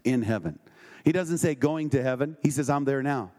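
A man preaching a sermon, reading scripture aloud and checking in with the congregation with quick questions. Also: medium pitch, darkish tone. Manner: conversational, with emphatic questions to the congregation.

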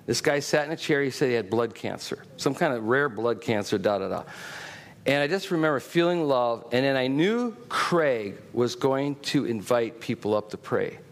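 A middle-aged man preaching a sermon, telling stories and urging the crowd on in an animated, exhorting way. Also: mid-range voice, normal speed.

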